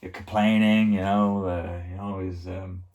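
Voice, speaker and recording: A man with a slightly low voice recaps a TV episode off the cuff. He rambles and leans on filler words, chuckling often as he goes. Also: flat delivery, moderate pace, darkish tone, highs cut off. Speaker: TV show reviewer.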